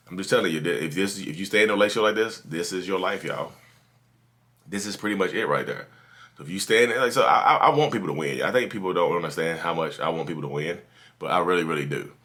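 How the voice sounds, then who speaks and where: A man with a very low, deep voice talks straight to his audience in an easy, preachy way. He circles back over the same points and keeps calling his listeners "y'all", like a host giving tough-love advice from his office. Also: fairly bright tone. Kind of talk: casual direct-to-camera advice talk.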